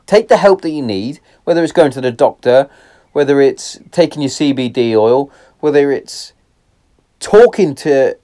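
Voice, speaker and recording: A podcast host rambles through a casual solo monologue from a garden shed, swearing heavily and drifting off on tangents. He laughs often and swings between loud excitement and low, quiet reflection.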